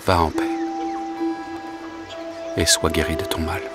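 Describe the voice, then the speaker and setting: An actor voicing a gentle, calm male teacher and healer who speaks slowly and reassuringly in a film dub. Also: very deep voice, over loud music. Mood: tender. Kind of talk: dubbed film dialogue. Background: film score.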